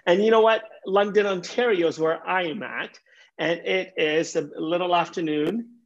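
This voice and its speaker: Guy hosting a podcast, chatty and keen, kinda high voice. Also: fairly even intonation, moderate pace, lo-fi sound. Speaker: podcast host. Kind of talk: podcast interview, scripted intro.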